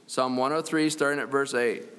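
A man preaching a sermon reads scripture aloud earnestly, chuckling now and then. His mid-range voice is steady, fairly bright, and moderately paced, and the recording has long church reverb.

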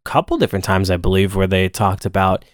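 A man co-hosting a podcast, chatting casually about a film with quick asides and frequent laughter. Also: sits low, no room sound, studio quality. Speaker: podcast co-host. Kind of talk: casual film recap chat.

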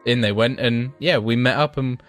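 A man with young kids, co-hosting a casual podcast, telling stories in a sweary, excitable way. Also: medium pitch, moderate pace, soft background music. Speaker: podcast co-host. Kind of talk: casual banter.

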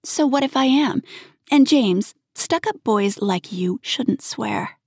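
A woman's voice: fairly high pitch, lively intonation, slow pace, vocal fry, a little mellow, slightly rough, dry recording, clean studio sound, pitched above the performer's own voice, exaggerated voice. A woman voicing a bold, teasing young woman. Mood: defiant. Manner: cool, confident, mocking.

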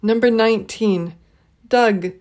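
A woman runs a pronunciation lesson at a very slow, careful pace. She reads each practice word twice, giving every sound room to be heard. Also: fairly high pitch, darkish tone. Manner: says each word twice, clearly and slowly. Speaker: pronunciation teacher. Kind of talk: slow, deliberate pronunciation drill.

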